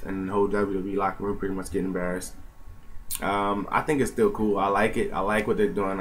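A man's voice: on the low side, a little hiss or hum, rough recording. A man giving a casual, rambling spoken recap as the host of a wrestling review channel, with lots of fillers. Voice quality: laid-back, filler-heavy rambling delivery. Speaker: YouTube wrestling show reviewer.

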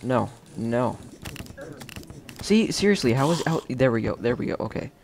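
Gravelly-voiced man narrating gameplay casually. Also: mid-range voice, brisk, a little hiss or hum. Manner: chatty, playful, bursts of excited shouting. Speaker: gameplay video host.

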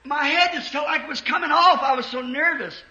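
Preaching a little fast, a man's shrill, bright, very high voice swings from soft narrative into fiery shouting. The dull, lo-fi sound carries a roomy church echo typical of an old recording.

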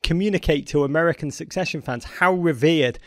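Playful higher-voiced male podcast host. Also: brisk, no room sound, studio quality. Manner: playful, enthusiastic questioning. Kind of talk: podcast interview.

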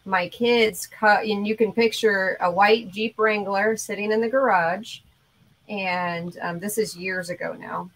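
A woman hosting a casual crafting chat, telling a family story in a relaxed way with lots of ums and ands. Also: mid-range voice, unhurried, rough recording.

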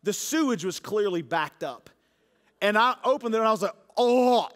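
A man's voice: sits high, expressive, a little fast, a bit bright. A man preaching a sermon, telling stories and joking with the congregation. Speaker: pastor. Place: church auditorium. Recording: long church hall reverb.

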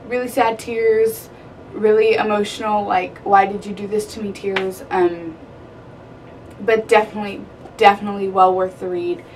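Young woman, book reviewer, excitable and chatty, slightly distant mic with faint hum. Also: medium pitch. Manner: bubbly, gushing, peppered with "like". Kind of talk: casual book review vlog. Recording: somewhat distant mic with faint room ambience.

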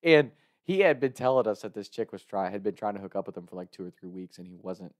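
A man's voice: lowish voice, expressive, fast, dry recording, studio quality. Laughing man telling a story. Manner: laughs often mid-sentence, loose rambling delivery. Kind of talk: casual personal anecdote.

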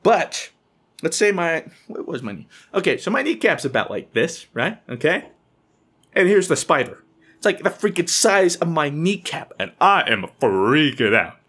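A young man telling a funny story to camera in an excitable, animated way, often squealing in high voices when he quotes people. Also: moderate pace, husky.

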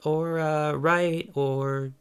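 A man's voice: fairly high pitch, steady tone, smooth. Sarcastic young man critiquing lyrics. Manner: sarcastic and critical, with quick asides. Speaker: YouTuber. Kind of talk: casual commentary on song lyrics.

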